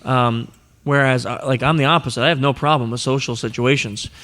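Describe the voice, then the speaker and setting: A man's voice: mid-range voice, steady tone, a little fast, a bit bright. A male podcast host speaking live in front of an audience at an event. He answers questions casually, teases his co-hosts, and slips into playful voices when quoting people. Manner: joking, teasing, acts out quoted voices.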